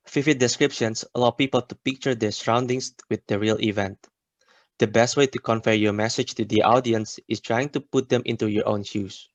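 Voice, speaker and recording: A young man gives steady, instructive workshop advice in a low, gravelly voice. The recording is dry and muffled, with no room sound at all. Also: dry recording. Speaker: student workshop presenter. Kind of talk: presenting a speech workshop.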